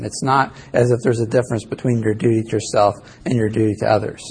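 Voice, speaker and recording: A man's voice: medium pitch, gravelly, darkish tone, husky. A male ethics instructor giving a casual, rambling classroom lecture that he records live as a podcast. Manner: casual, rambling, self-correcting.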